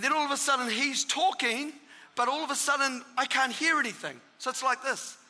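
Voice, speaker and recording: A man in his thirties preaching and telling his testimony, excitable and bursting into shouts for emphasis. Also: very high voice, brisk. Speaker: guest preacher giving testimony. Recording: reverberant hall with live audience.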